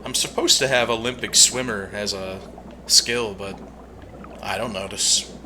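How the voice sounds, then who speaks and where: A man's voice: lowish voice, fairly even intonation, a little slow, noisy background. A man giving casual, joking and profane commentary while he streams a game. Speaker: gaming streamer. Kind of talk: casual let's-play commentary.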